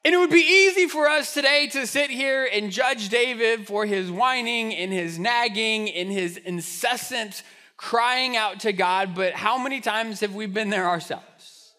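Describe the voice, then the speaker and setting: High, bright-voiced male pastor preaching. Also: unhurried. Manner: conversational, with frequent restarts and rhetorical asides. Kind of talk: sermon.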